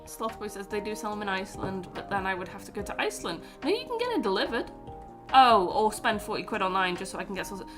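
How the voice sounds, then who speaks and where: A woman's voice: medium pitch, animated, fast talker, music in the background. A young woman from England, telling sweary, rambling travel stories in casual chat on a stream. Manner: chatty, sweary storytelling.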